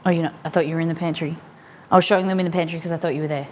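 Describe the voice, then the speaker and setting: A woman's voice: deep voice, fairly even intonation, very fast, a little hiss or hum. Chatty woman cooking live for chat. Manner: chatty, answers chat while cooking and reading a recipe aloud. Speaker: live-stream cooking host. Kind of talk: casual live-stream chat. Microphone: streaming mic.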